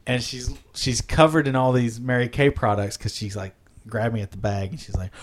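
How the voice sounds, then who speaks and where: A man's voice: mid-range voice, steady tone, moderate pace. A man chatting casually as a podcast co-host, rambling through silly made-up stories, often laughing at himself. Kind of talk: casual chat.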